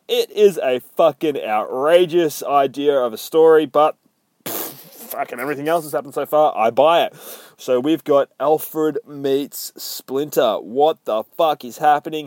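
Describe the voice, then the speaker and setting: A man's voice: medium pitch, darkish tone, smooth, dry recording. A young man casually recapping a comic book issue in a rambling, heavily profane way.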